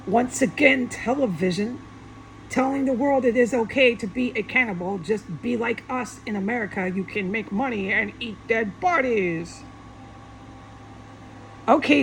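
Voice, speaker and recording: Agitated woman with a gravelly voice. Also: fairly high pitch, slight background noise, poor audio. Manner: profane, agitated, repetitive. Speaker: vlogger. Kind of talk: angry monologue rant. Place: alone at home.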